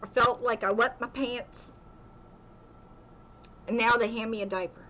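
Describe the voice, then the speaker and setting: A woman's voice: a little high, steady tone, measured pace, bright, forceful tone, a little hiss or hum, low-quality recording. A young woman telling a story in a casual vlog at home, chatty and laughing often, with "okay" again and again. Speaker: vlogger.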